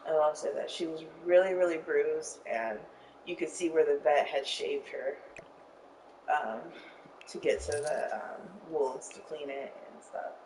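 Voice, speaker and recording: Young woman streamer, low voice, rambling casual storyteller, recorded from a distance with faint background noise. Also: measured pace, darkish tone. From Arizona. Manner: rambling, many fillers, emotional retelling. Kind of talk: casual storytelling while gaming.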